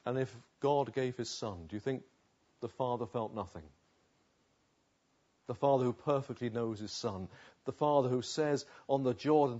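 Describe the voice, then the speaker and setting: A man preaches a sermon, slow and emphatic, with long pauses. His volume rises and falls sharply between quiet and loud passages, and his voice sits in a middle register. The recording is somewhat muffled. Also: medium pitch. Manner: dramatic swings between hushed and loud passages.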